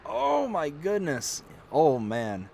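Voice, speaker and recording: With a gravelly, slow voice on the high side, this man hosts a casual gaming livestream. He tells funny stories in an animated way, acting out his own shrieks between bits of chat.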